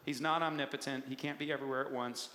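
A man preaching a sermon with a playful, animated, punchy delivery. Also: medium pitch, fast, a little hiss or hum. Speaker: pastor. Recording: echoey hall with long reverb.

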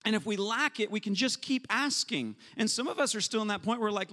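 A man preaches with a high, ringing voice, acting out prayers and little voices as he teaches. His words hang in a long hall reverb, as in a large church. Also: lively intonation, fairly quick, bright, forceful tone. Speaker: pastor. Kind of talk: sermon.

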